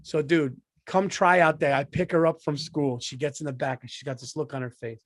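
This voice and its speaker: Excitable, profane middle-aged man storyteller. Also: on the high side, brisk, no room sound. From United States. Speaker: podcast co-host. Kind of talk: casual comedic storytelling. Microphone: studio microphone.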